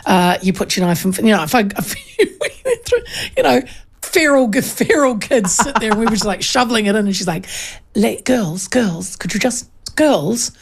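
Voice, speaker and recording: A woman's voice: fairly high pitch, big pitch swings, brisk. A woman hosting a breakfast radio show, chatting and telling stories with frequent laughs. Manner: chatty, storytelling, laughs often. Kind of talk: casual on-air chat.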